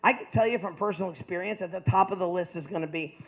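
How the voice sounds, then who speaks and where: A man speaking to a school audience, telling a personal story with jokes, moving between loud punchlines and quieter stretches. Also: sits high, fast talker, slightly rough. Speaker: motivational speaker. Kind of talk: storytelling talk to students. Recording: tinny phone-like audio.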